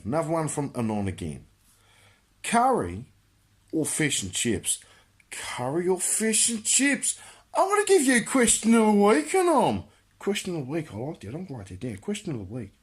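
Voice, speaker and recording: A man with an Australian accent hosting a crude comic monologue, answering viewer questions in a brash, boisterous way and laughing at his own jokes. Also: sits high.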